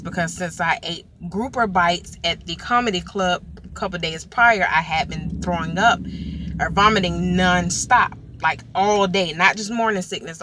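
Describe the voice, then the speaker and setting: A young woman casually telling a personal story to camera, chatty and animated, full of fillers. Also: on the low side, background noise.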